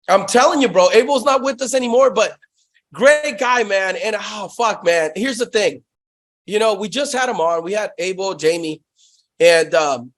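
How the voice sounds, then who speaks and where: A man's voice: sits high, a bit bright. A young man telling sales stories in a casual interview, profane and hyped, saying "bro" constantly. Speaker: guest, sales company founder.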